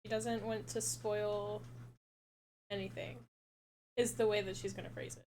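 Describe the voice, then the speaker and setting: A woman's voice: mid-range voice, level tone, measured pace, a little mellow, a little hiss or hum, poor audio. A woman playing a tabletop game, speaking casually and thinking aloud as she decides. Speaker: player.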